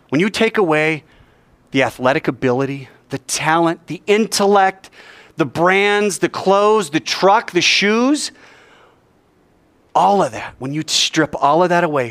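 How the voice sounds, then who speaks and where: A man's voice: on the high side, a little slow, no echo. A man giving a sermon to students, telling a story in a conversational way and asking his listeners questions. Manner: lively, conversational, asks the audience questions. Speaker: speaker at a school chapel.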